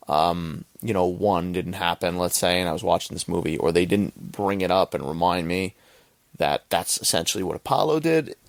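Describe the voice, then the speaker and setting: A man's voice: on the low side, creaky, no echo. A young man hosting a podcast, giving a rambling, profane casual movie review and often checking in with "right?". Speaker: podcast host.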